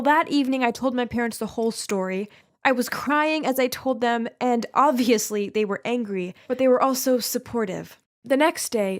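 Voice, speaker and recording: A young woman telling a first-person story in lively, expressive scripted narration. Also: on the high side.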